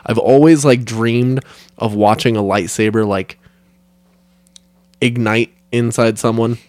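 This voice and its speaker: A man's voice: mid-range voice, fairly even intonation, a little slow, darkish tone, no room sound. A young man co-hosting a podcast, chatting casually, laughing often and swearing freely. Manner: laid-back, swears often, laughs a lot. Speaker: podcast co-host. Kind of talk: casual chat.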